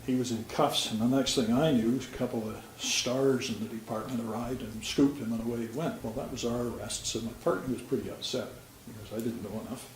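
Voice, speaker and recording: An older man recalls his years on the police force in a plain, folksy way, with dry humor between the stories. His voice sits at an ordinary pitch. The recording is roomy, with a faint hum behind him. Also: fairly even intonation, brisk. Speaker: retired police officer. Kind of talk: storytelling. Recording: roomy sound with faint background noise.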